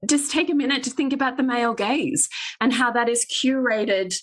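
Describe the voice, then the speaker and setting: A woman speaking as a podcast guest in candid conversation, emphatic and animated. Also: on the high side, normal speed.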